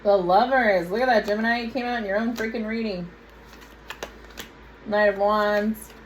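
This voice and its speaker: A woman's voice: on the high side, fast talker, slight background noise, rough recording. A woman giving a casual tarot reading to her viewers, chatty and direct, with frequent asides. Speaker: tarot reader.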